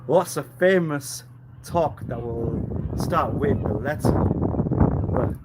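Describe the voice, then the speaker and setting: Slow, lecturing man on a live stream. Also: mid-range voice, animated, heavy background noise. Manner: lecturing with repeated rhetorical questions; laughs often, repeats himself. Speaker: livestreamer. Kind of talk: rambling live-stream monologue.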